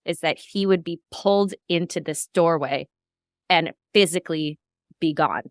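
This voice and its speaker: A woman's voice: sits low, moderate pace, dry recording, studio quality. A woman co-hosting a paranormal TV recap podcast, talking casually and going through her notes at length. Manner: rambling, recounts notes at length. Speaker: podcast co-host.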